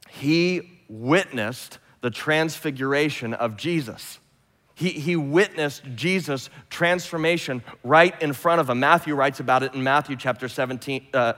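A man preaching a sermon, retelling scripture with lively, humorous storytelling. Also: mid-range voice, big-room sound. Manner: animated storytelling, imagines scenes aloud with humor. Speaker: pastor.

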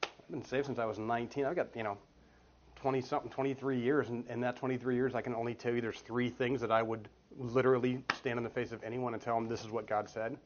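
A man's voice: medium pitch, level tone, quick pace. A man in his forties teaches a church group in an earnest, storytelling way, often restarting his sentences. His voice sits in a middle range. The recording is dull and lo-fi, with a faint hiss behind it. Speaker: guest speaker at a church group. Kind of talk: casual teaching talk. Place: meeting room with children's group next door.

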